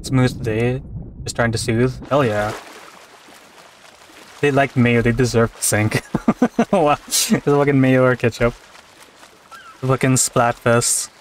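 A man's voice: mid-range voice, slow, long pauses, a little hiss or hum. A man streaming a game with a friend, chatting casually on a headset, joking, swearing and greeting viewers. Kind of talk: casual gaming banter.

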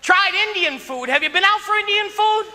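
High, lively man doing stand-up. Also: fairly quick, a little hiss or hum. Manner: animated, exclaiming, jumps into voices. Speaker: stand-up comedian. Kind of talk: stand-up comedy routine. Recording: live hall with loud audience laughter.

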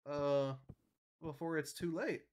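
A woman's voice: low voice, fairly even intonation, takes it slowly, slight background noise. Jumpy, swearing woman streaming a game. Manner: jumpy, swears often, talks to herself and chat; nervous, wavering loudness. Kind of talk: live gameplay commentary.

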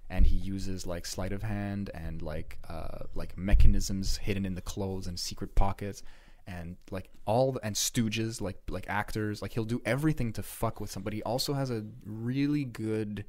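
A man's voice: fairly low pitch, fairly even intonation, normal speed, darkish tone. A man co-hosting a laid-back podcast, rambling in casual chat with lots of fillers and swearing. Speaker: podcast co-host.

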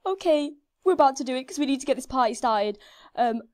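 A young woman commenting on her gameplay in a casual, excitable way, her voice slightly hoarse. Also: high-pitched, fast talker. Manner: excitable, breathless, full of gasps and squeals. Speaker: gaming video creator.

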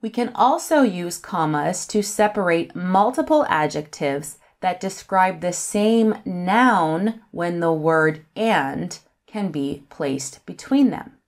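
A woman giving a lesson, reading example sentences aloud and naming each comma in a softer, lower voice. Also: lively intonation, slow pace, few pauses. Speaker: English teacher. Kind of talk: slow, careful lesson explanation.

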